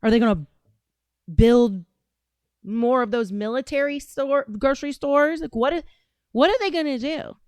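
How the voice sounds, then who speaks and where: A woman's voice: high voice, measured pace, pauses often, clear, resonant tone, no echo. A woman in her thirties hosting a casual commentary show, ranting in a heated, sarcastic, profane way. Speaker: show host.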